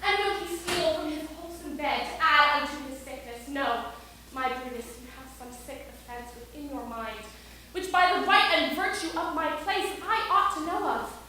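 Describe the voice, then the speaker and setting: A woman's voice: high-pitched, normal speed, sharp tone, a little hiss or hum. Portia, a woman playing a pleading Roman wife. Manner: pleading, insistent verse delivery. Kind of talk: amateur stage Shakespeare. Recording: echoey room.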